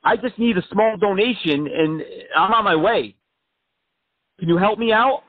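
A man playing a brash, self-important politician who rambles an absurd campaign pitch over the phone. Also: a little slow, dry recording. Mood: pompous. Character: self-important male fringe politician, a smooth-talking blowhard. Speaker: prank caller. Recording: phone-like line.

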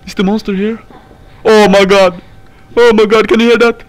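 Panicky high-voiced young man screaming. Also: flat delivery, normal speed. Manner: panicky, swears and screams often. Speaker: gaming YouTuber. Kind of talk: horror game playthrough commentary.

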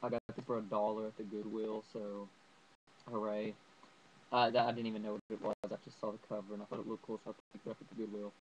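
A man's voice: fairly low pitch, little pitch movement, quick pace, a little hiss or hum, poor audio. A young man rambling enthusiastically through a casual horror movie review, full of fillers.

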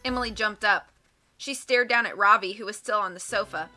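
A woman reading a mystery novel aloud with clear, steady storytelling. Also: mid-range voice, moderate pace, faint music behind. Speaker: audiobook reader.

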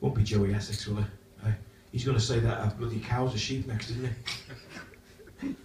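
A man's voice: on the low side, fairly even intonation, moderate pace, a little mellow. A man doing live stand-up at an event, cheekily teasing the crowd and jumping between voices. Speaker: comedian and impressionist. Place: large function room, indoors. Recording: echoey hall from far off, faint noise.

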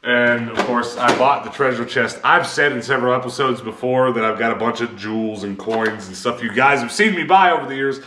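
A chatty man shows off his thrift finds with plenty of enthusiasm. His voice sits at a middle pitch and bounces around a roomy, echoey space. Steady noise runs underneath. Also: brisk, hardly any pauses. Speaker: vlogger showing thrift finds. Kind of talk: casual chat. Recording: echoey room with clear background noise.

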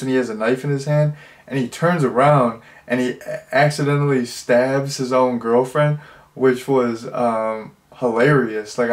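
A man casually reviewing a horror movie, rambling with lots of fillers and restarts, getting loud and incredulous when something amuses him. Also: medium pitch.

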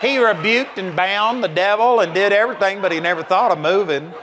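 A male preacher with a high-pitched voice delivers a folksy sermon. He jumps between loud punches and soft, low asides, often breaking into amused laughter. The talk is lively and conversational. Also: a little fast, noisy background.

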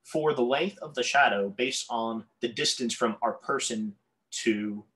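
Speaking at normal speed in a bright, forceful, medium-pitched voice, a man works through calculus on a board. Frequent stumbles, self-corrections, and apologetic asides mark his teaching.

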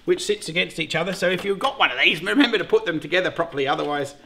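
A middle-aged Australian man hosting a beekeeping vlog, chatting casually in a jokey, excitable way and swearing freely. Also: high-pitched, very fast, vocal fry, background noise. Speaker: beekeeper host.

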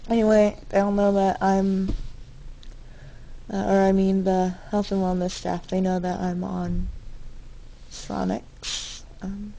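A young woman talks slowly through a candid, rambling video diary from her dorm room, correcting herself as she goes. Her voice is mellow and gravelly, with a faint hum of room noise behind her. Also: mid-range voice, low-quality recording. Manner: rambling and candid, with frequent fillers and self-corrections. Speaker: vlogger.

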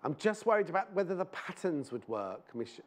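Chatty man, slightly high voice. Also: sing-song, fairly quick, noisy background. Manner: chatty, rambling anecdotes, affectionate with viewers. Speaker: shopping channel presenter. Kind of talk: live shopping-TV chat. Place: TV studio.

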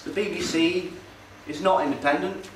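In a roomy meeting hall, a man gives a casual, sardonic public talk, hesitant and full of fillers. His slightly high voice moves at normal speed with fairly even intonation, picked up far from the mic with faint noise.

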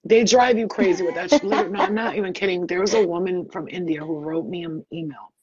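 A woman psychic medium talks through a live video-call reading in a rapid, chatty and blunt way, swearing freely. Her voice has a slightly husky edge. The sound is dull and lo-fi, with a dry, close feel. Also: lowish voice, darkish tone, dry recording.

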